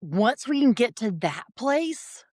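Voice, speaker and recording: A woman's voice: fairly high pitch, sing-song, slow pace, darkish tone, no room sound, studio quality. A woman guest on a podcast, speaking in an affirming, reflective way in conversation. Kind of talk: supportive conversational chat.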